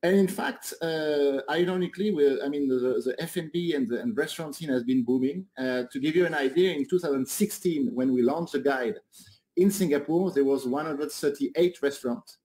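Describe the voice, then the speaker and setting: A man guest in a radio interview, answering with many pauses and restarts. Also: fairly high pitch, dark tone. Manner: hesitant, many fillers and restarts. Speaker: guest, guide director.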